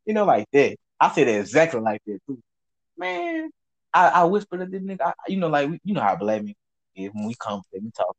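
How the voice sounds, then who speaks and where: A man with a Southern US accent telling a story in casual chat, animated and profane, acting out what people said. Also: a little high, a little fast. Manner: animated, profane, acts out quotes. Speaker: storyteller host.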